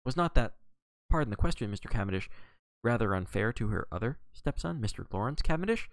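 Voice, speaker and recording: Hercule Poirot, as read by a man, fussy and excitable. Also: on the low side, brisk, gravelly, dry recording, studio quality. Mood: grave. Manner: dramatic, sprinkled with French exclamations. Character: fussy little Belgian male detective, excitable. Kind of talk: audiobook reading.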